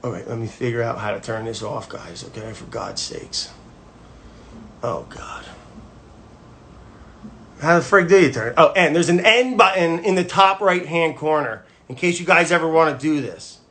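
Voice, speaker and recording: A man's voice: a little high, moderate pace, fairly bright tone. A man hosting a casual livestream from home, rambling with restless energy and jumping between topics. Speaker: cooking video host. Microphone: phone livestream.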